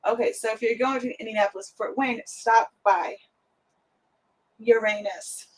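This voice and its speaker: A woman's voice: a little high, steady tone, fairly quick, low-quality recording. Chatty, giggly woman hosting a craft livestream. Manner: chatty, giggly, jumps between topics. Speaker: craft channel host. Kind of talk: casual livestream chat.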